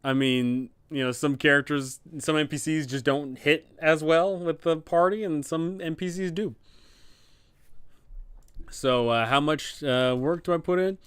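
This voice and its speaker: Rambling man with a smooth voice. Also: on the high side, measured pace, a bit bright, dry recording. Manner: rambling, lots of fillers and restarts. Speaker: dungeon master and streamer. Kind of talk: casual live Q&A chat.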